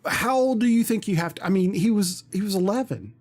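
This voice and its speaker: A man's voice: sits high, expressive, fairly quick, a little mellow. A man, a streamer, telling a story in casual chat, rambling with many ums and restarts.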